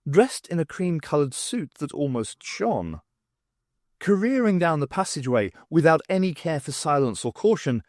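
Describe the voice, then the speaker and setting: A man narrating an unabridged audiobook in a measured, dramatic reading. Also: mid-range voice, a little mellow, dry recording, studio quality. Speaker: audiobook reader.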